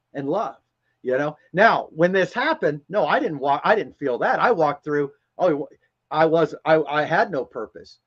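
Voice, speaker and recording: A man's voice: on the high side, fairly bright tone, lo-fi sound. A man speaking in a casual, emphatic way on a spiritual live stream, rambling and often repeating words as he talks.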